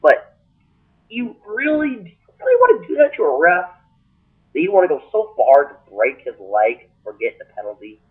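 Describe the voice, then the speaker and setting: A man ranting comically on a webcam, his voice leaping into shrill exaggerated bursts and swinging widely in pitch. He sits a little back from the mic, and the sound is thin and tinny, like a phone line. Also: wildly swooping pitch, moderate pace, distant mic. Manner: exaggerated, jumps into shrill high-pitched outbursts. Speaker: comedy vlogger.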